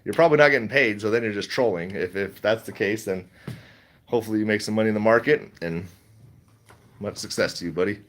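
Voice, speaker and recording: A man's voice: fairly low pitch, fast, fairly bright tone. A middle-aged man chatting casually on a livestream, reading chat, rambling and laughing often.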